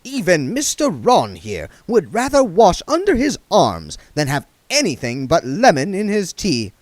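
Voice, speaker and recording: A man voicing a fussy, genteel beggar who speaks in a high, prim and mincing way. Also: huge pitch swings, measured pace, darkish tone, dry recording, heavily acted. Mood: prim fussing.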